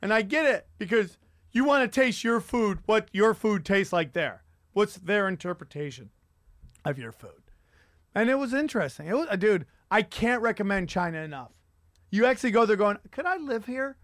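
A man hosting a casual podcast, telling rambling, profane stories with animated energy. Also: sits high, moderate pace, dry recording, clean studio sound. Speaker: podcast host and comedian. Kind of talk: crude casual chat.

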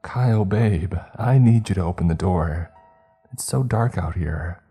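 A man voicing a creature that mimics a young woman's voice, speaking softly and sweetly, then spitefully. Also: deep voice, unhurried, breathy edge, soft background music, voice pushed up, exaggerated voice. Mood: coaxing, sweet.

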